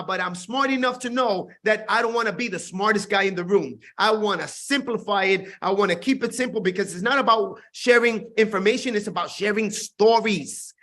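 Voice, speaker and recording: A man's voice: sits high, sharp tone. A man leading a network marketing team, giving an intense, repetitive motivational talk on a video call.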